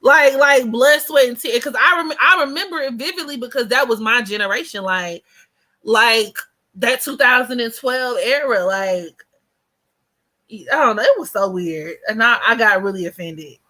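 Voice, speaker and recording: Bright-voiced chatty young woman. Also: a little high, normal speed. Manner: chatty and animated, heavy on fillers, addresses viewers as y'all. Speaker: vlogger. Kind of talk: casual storytime chat.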